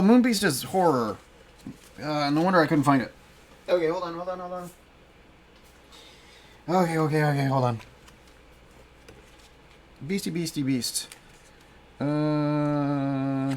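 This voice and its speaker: A man's voice: on the high side, a little hiss or hum. A man casually playing a solo card game and reading its story aloud, with lots of fillers and restarts. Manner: halting, many fillers and restarts. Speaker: solo game player and narrator. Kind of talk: casual play-through narration.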